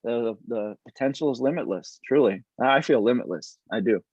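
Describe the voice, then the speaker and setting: A man, a military veteran and interview guest, speaking in a reflective, halting way with frequent restarts over a video call. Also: mid-range voice, animated, darkish tone, slightly rough, no echo. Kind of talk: earnest conversational interview. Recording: slightly dull, dry video-call audio.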